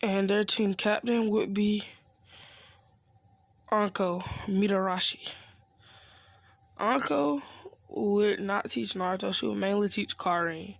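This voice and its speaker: A man's voice: high voice, little pitch movement, normal speed, vocal fry, few pauses, dry recording. A man casually improvising a fan-fiction story, rambling with slang asides.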